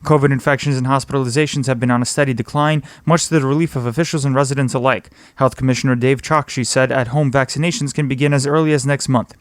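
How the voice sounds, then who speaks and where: A man hosting a news podcast, reading a scripted roundup of the week's local news in a brisk, steady delivery. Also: medium pitch, no echo, studio quality.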